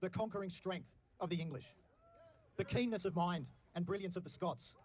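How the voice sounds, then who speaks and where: A man delivering a public speech in a slow, emphatic, declamatory way. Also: sits high. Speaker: rally speaker.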